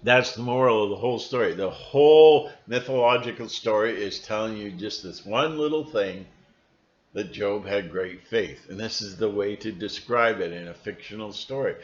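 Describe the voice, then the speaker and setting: A man's voice: lowish voice, lively intonation, moderate pace. A man hosting his own channel in a casual, rambling monologue, chuckling and stopping to rephrase himself. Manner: rambling, chuckling, frequent fillers and restarts. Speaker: channel host. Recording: dull lo-fi recording.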